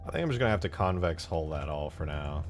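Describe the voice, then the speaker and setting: A young man chatting casually on a live stream while modding a game, laid-back, breaking into animated storytelling. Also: extremely low pitch, fast, faint music behind. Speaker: streamer and modder.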